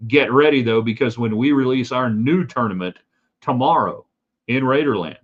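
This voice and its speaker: A man's voice: mid-range voice, moderate pace, breathy edge, muffled recording. A man hosting a live sports talk stream, opinionated and rambling with side remarks. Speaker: sports talk show host.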